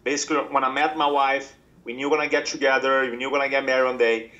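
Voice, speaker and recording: A middle-aged man, a podcast guest, telling a personal story in an animated way and acting out the quoted lines. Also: medium pitch, fast talker, dull audio. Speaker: podcast guest, speaker and coach.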